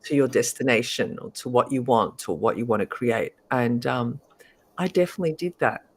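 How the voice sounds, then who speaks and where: A middle-aged woman, a guest, telling a story in a lively, animated way and laughing often. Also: rumbling low, moderate pace, slightly rough. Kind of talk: casual storytelling.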